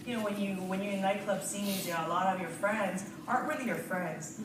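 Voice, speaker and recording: In an echoey hall picked up by a distant mic, with audience noise, a woman tells a live crowd in a large room her personal testimonial. She's nervous and rambling, often laughing and restarting sentences, in a medium-pitched voice with fairly even intonation, a little fast.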